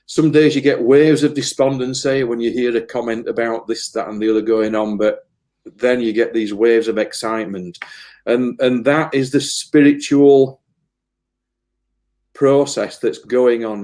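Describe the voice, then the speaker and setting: A man's voice: mid-range voice, fairly even intonation, moderate pace, warm tone. A man, a medium giving an earnest, emotional interview, often repeating words as he rambles. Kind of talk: casual spiritual interview talk.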